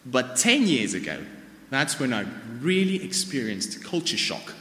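A man's voice: mid-range voice, sing-song, measured pace, sharp tone. A man in his thirties from South Africa, with a South African accent and Afrikaans as his first language, giving a sermon as informal personal storytelling. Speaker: church speaker. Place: church. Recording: reverberant church hall.

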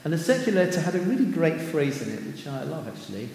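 A man preaching a sermon in a relaxed, chatty way, breaking into scripture quotations and little asides. His voice sits a touch higher than most men's. It rings out through a large echoing hall with a long reverb tail. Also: fast talker, gravelly, a little hiss or hum. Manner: conversational, with fillers and asides, quoting scripture. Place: church hall.

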